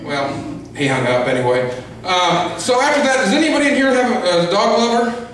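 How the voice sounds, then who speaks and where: A man's voice: high-pitched, very animated, a little fast, a bit bright. A man doing a stand-up comedy set on a club stage, ranting grumpily and crudely. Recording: echoey club from far off.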